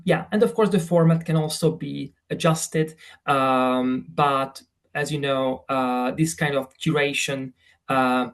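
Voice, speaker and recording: A man's voice: a little high, creaky. Hesitant man presenting in a webinar. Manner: hesitant, with many fillers. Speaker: association presenter.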